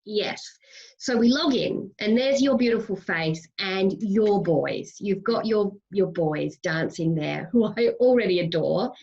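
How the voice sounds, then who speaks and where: A woman's voice: mid-range voice, lively intonation, a little slow, gravelly, few pauses, darkish tone, highs cut off. An Australian woman hosting a podcast interview, talking in a gushing, chatty way and giggling often. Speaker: podcast host. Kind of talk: casual interview chat.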